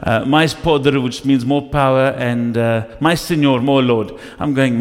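A male pastor preaching a sermon, telling stories with lively acted asides in a church. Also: mid-range voice, normal speed, few pauses. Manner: animated storytelling with acted asides. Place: church hall. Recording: echoey church hall.

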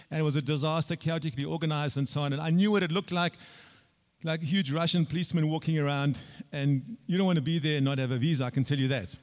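A man preaching a sermon in a church, telling a personal story with repeated phrases and loud bursts of emphasis. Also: a little high. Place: church hall. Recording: long reverb from a large hall.

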